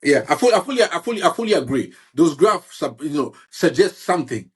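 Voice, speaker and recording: A man talking football in a casual chat, halting and restarting often and asking "you see what I'm saying". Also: a little high, big pitch swings, breathy edge. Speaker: football fan guest.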